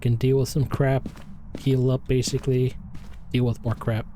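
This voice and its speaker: A slightly hoarse, out-of-breath man giving rambling, self-deprecating commentary while streaming a game. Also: medium pitch, little pitch movement, normal speed, warm tone, a little hiss or hum. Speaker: gaming streamer.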